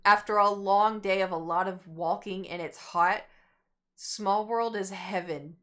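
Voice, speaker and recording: A woman's voice: mid-range voice, measured pace. A young woman streamer telling a rambling story to her chat, acting out what people said. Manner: animated, rambling, acts out quotes.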